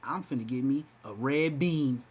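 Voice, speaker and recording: A man's voice: medium pitch, normal speed, a little mellow, husky. A man hosting a livestream podcast, talking trash in a brash, mocking way and slipping into exaggerated voices. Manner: hyped, shifts into exaggerated voices. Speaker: podcast host. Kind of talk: livestream commentary.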